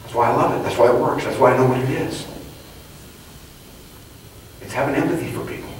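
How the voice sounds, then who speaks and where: Fast-talking man in an echoey hall. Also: medium pitch, slight background noise. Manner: emphatic, preachy, rising to excited outbursts. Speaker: motivational speaker at a sales training event. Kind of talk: motivational speech. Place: large event hall. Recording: echoey hall recorded from far off.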